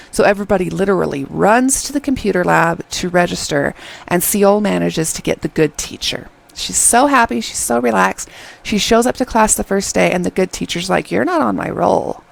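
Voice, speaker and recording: A woman casually recapping a drama, talking in an animated, exasperated way, often checking in with "okay?". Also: on the low side, creaky. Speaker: drama reviewer.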